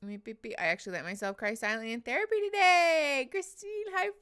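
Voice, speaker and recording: A woman's voice: high-pitched, big pitch swings, fast talker, fairly bright tone, clean tone. Chatty woman hosting a livestream. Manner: chatty, emotional, reading chat names aloud with laughs. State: teary after crying. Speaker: livestream host. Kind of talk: casual livestream chat.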